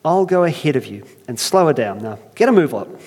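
Earthmaker, a man putting on a brisk Irish creator god. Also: on the high side, big pitch swings, a little mellow, breathy edge, long reverb tail, exaggerated voice. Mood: brisk scolding. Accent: put-on Irish. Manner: brisk, scolding, no-nonsense.

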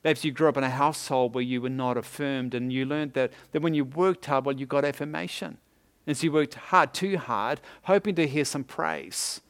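Chuckling New pastor preaching. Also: male voice, medium pitch, normal speed. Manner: lively storytelling with frequent chuckles and asides. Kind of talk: sermon.

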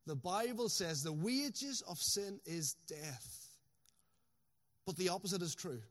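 A man, a pastor preaching a sermon with emphasis, slowing right down to stress his key phrases. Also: high-pitched, animated. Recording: long hall reverb.

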